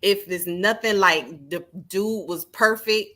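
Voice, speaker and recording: A woman's voice: medium pitch, takes it slowly, fairly bright tone. A woman talking candidly in a casual podcast chat, chatty with lots of fillers.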